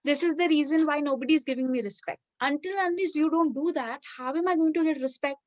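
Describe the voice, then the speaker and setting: A woman's voice: sits high, fast, a little mellow, no room sound, lightly acted. A tearful, complaining young boy pleads to be believed, as a woman storyteller puts him on in a lightly raised voice. The sound is close and dry, with no room around it.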